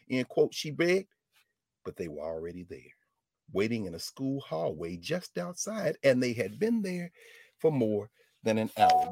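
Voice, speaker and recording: Man, slightly high voice, fiery outspoken talker with slang, dry close recording. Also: big pitch swings, moderate pace, creaky, husky, dry recording. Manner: fiery, swings between loud outbursts and low murmurs, laughs often; uses street slang and curses. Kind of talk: impassioned casual conversation.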